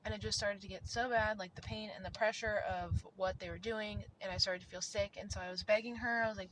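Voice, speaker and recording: A woman's voice: medium pitch, steady tone, brisk, hardly any pauses, a bit bright. A young woman telling a story in parts to her phone camera, emphatic and swearing freely. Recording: noisy phone recording.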